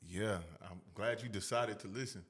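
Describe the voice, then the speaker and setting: A man's voice: fairly low pitch, steady tone, moderate pace, a bit bright, breathy edge. A man hosting a casual podcast interview, talking in an upbeat, hyped, slangy way. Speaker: podcast host.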